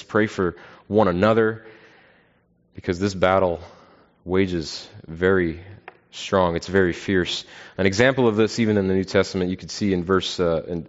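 A man preaching an earnest, measured sermon, often pausing with fillers. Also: low voice. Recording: dull, lo-fi sound.

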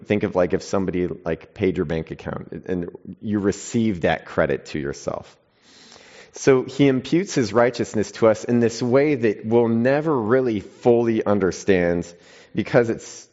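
Low-voiced preacher in dull lo-fi sound. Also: male voice. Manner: emphatic scripture reading with long pauses and sudden quiet stresses; conversational asides to the congregation. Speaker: pastor. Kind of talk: sermon.

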